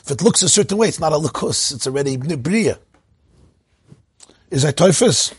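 Husky man giving an informal Torah talk. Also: fairly high pitch, moderate pace, no echo. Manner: lively storytelling, laughs often, sprinkles Hebrew and Yiddish terms. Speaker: rabbi teaching.

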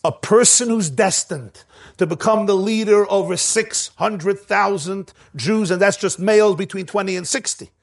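A man with a notably high voice delivers a Torah sermon, using Ashkenazi Hebrew pronunciation. He teaches emphatically and drives his points home with rhetorical questions. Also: normal speed, gravelly. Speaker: rabbi.

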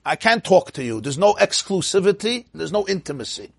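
Husky-voiced man teaching a lively class. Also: high voice, brisk, no room sound. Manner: chatty, digressive, laughs often, quizzes listeners. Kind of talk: informal Torah class lecture.

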